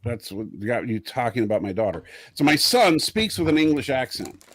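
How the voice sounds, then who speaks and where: A middle-aged man with a West Coast American accent tells a meandering story, full of fillers and restarts. His voice sits at a middle pitch, and the recording is close and dry. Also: big pitch swings, moderate pace, dry recording. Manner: rambling storyteller, many fillers. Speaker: podcast co-host. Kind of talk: casual chat.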